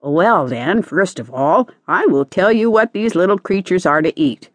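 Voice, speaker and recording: A woman's voice: on the low side, expressive, measured pace, dry recording. A woman voicing a cheerful, knowing male lark in a storybook audiobook, teasing and persistent.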